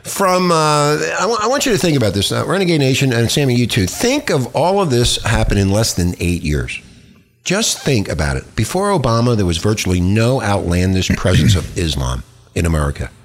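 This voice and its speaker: A man's voice: mid-range voice, sing-song, a little fast. A man hosting a crude, casual talk radio show, rambling with lots of fillers and restarts.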